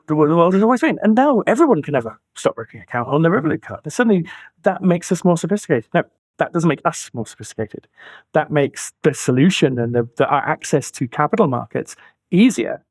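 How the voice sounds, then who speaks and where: A man's voice: fairly high pitch, sing-song, brisk, a little mellow, no room sound. A man in his forties, a financial planner being interviewed, talking emphatically and reaching for colourful analogies. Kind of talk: conversational interview.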